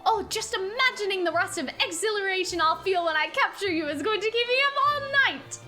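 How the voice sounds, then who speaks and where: A woman's voice: very high voice, animated, a little fast, sharp tone, soft background music, full character voice. A woman voicing a flamboyant young French hunter, reading his lines theatrically with an exaggerated put-on French accent.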